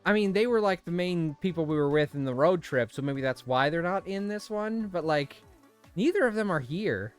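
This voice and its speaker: Chatty male let's-play host, slightly high voice, faint game music underneath. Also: normal speed, clear, resonant tone. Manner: chatty, animated, laughs often. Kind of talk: casual gameplay commentary, reading game text aloud.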